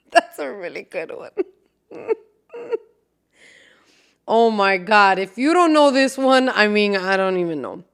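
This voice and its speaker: A young woman hosting a casual solo podcast, chatty and animated, laughing often and swearing freely. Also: mid-range voice, measured pace, long pauses, clean tone. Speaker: podcast host.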